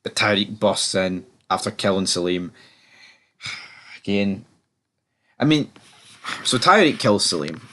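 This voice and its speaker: A young man talks through a TV episode in a loose, rambling way. He stumbles and restarts his sentences and sounds exasperated with the show. His voice sits a little low. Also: animated, slow pace, long pauses, pushed and bright. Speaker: TV review channel host. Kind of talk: casual episode review.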